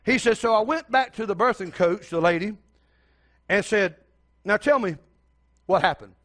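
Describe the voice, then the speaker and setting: A man's voice: sits high, normal speed, a bit bright. An older man preaching a sermon as pastor, telling a story and speaking straight to the congregation.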